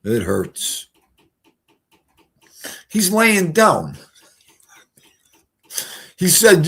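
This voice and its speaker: A man with a fairly high voice hosting a livestream from home. He talks slowly and loosely, rambling from one thing to the next and getting emotional along the way. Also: expressive, fairly bright tone. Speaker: livestream host. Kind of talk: casual chat.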